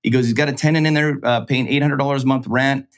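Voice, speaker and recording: A quick-talking man spinning a business story in a relaxed, chatty way. He rattles off the numbers and slips into the voices of the other people in the story as he quotes them. His pitch sits in the middle range. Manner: animated, acts out quoted dialogue. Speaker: real estate investor guest. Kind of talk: casual storytelling.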